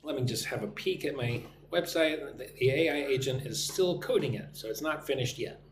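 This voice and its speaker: A man's voice: medium pitch, normal speed. A man from the United States hosting a live online English lesson, greeting viewers by name and drilling phrases for them to repeat. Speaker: English teacher and live stream host. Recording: echoey room, faint hum.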